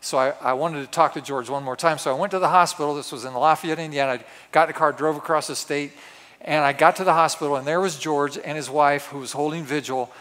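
A man's voice: on the high side, fairly even intonation, fast talker. Dramatic preacher man in a reverberant hall. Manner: dramatic, swinging from hushed asides to loud exclamations. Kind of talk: storytelling sermon. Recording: long reverb of a large hall.

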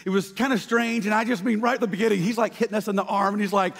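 A man preaching a sermon, telling stories with lively shouted quotes. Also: high-pitched, very fast, gravelly, slightly rough. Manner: animated storytelling with shouted quotes. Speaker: pastor. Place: church sanctuary. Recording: church hall reverb.

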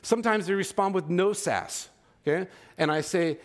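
A man's voice: high-pitched, moderate pace. A man in his thirties preaching a sermon as pastor, in a casual, conversational way that keeps checking in with his listeners. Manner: conversational, checks in with "okay?" and "right?".

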